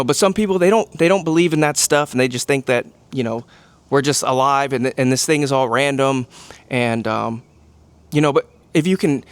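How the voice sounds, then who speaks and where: Man, mid-pitched voice, casual motivational monologue, rambling, lots of filler words. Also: no echo. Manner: rambling, full of "um" and "you know". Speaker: vlogger.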